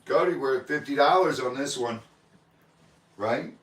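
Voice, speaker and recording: A man's voice: medium pitch, moderate pace, a bit bright, distant mic. Man calling bids in an echoey room. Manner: chatty, calls bids and jokes. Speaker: live auction host. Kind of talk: casual live-stream auction chat. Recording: echoey room, a bit off-mic.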